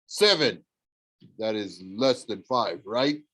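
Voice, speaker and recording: A man voicing a huge, half-blind male cyclops who makes slow, loud demands. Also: on the low side, expressive, heavily acted. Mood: demanding.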